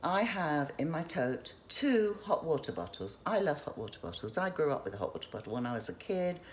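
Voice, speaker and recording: A woman's voice: deep voice, big pitch swings, a little fast, slight background noise. A woman, chatting in a rambling, casual vlog as she shows what she has stored. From England. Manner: chatty, rambling, self-interrupting. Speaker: vlogger. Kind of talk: casual show-and-tell vlog.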